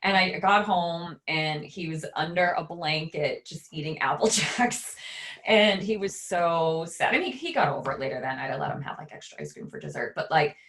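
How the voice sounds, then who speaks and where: A woman co-hosting a podcast, casually telling a personal story and acting out what people said. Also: lowish voice. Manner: animated storyteller who acts out quoted voices. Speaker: podcast co-host.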